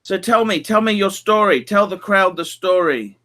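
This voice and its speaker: A man's voice: high voice, moderate pace, sharp tone. A middle-aged man hosting a casual livestream chat, rambling and repeating his phrases with lots of fillers. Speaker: livestream host.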